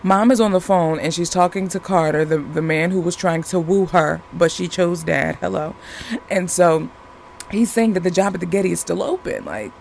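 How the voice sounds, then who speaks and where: A man talks through a TV episode in a loose, chatty recap. His voice sits high with a gravelly rasp, and he keeps restarting sentences and filling pauses as he goes. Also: fairly even intonation, slight background noise. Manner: rambling, many fillers and restarts.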